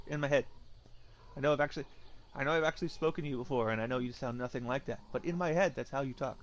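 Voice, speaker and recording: A man's voice: a little high, quick pace, a bit bright. A man streaming a game live, joking and rambling with mock-heroic boasts.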